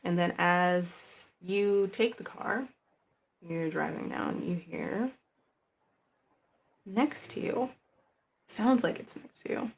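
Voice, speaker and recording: Gravelly-voiced woman game master. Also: on the low side, slow, long pauses. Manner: relaxed, chatty, casual. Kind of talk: narrating a tabletop game.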